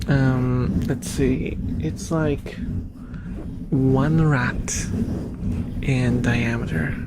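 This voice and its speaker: A man chatting softly and rambling with viewers on an ASMR livestream, giggling now and then. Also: mid-range voice, very slow. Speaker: ASMR streamer. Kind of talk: soft-spoken ASMR livestream. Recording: loud steady background noise. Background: whirring small fan.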